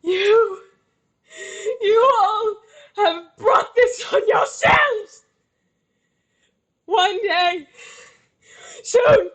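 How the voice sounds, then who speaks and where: A woman's voice: very high voice, muffled recording, exaggerated voice. A woman voicing a grief-crazed young noblewoman who wails, screams and sobs a prophecy of doom at a tabletop game. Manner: wailing, screaming and sobbing.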